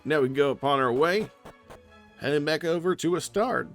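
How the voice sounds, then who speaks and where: A man's voice: on the high side, moderate pace, fairly bright tone. A man giving casual gameplay commentary as a let's play host, chatty and thinking aloud. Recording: faint game music behind.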